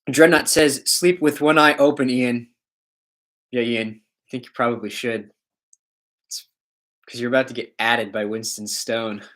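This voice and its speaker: A man's voice: mid-range voice, fairly even intonation, a little slow, long pauses, fairly bright tone. A man chatting his way through a casual livestream, reading viewers' comments aloud and riffing on them. His talk wanders and jokes along, and he laughs often as he goes. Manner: rambling, joking, laughs often.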